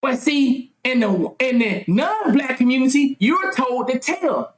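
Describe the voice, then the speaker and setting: A woman vlogger delivering a fervent monologue full of rhetorical questions, at times yelling and swearing freely. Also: high voice, expressive, measured pace, hardly any pauses, slight background noise. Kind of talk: impassioned monologue. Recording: roomy echo.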